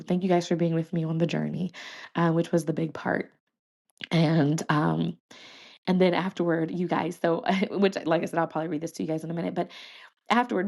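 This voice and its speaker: A woman in her 30s hosts a podcast, telling a personal story in a chatty, emotional way with a lowish, slightly mellow voice. She laughs and restarts often, addressing listeners as "y'all" and "you guys."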